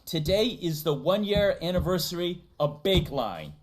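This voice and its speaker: Low-voiced Massachusetts streamer, lively pitch. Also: female voice, moderate pace, crowd noise. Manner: playful, reads out donations. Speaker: stream host. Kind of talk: casual livestream chat.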